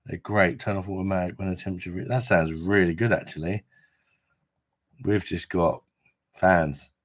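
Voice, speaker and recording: A man's voice: low voice, fairly even intonation, moderate pace. A man chatting casually on a live stream, rambling and swearing freely, with a chesty cough from an infection. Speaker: livestream host.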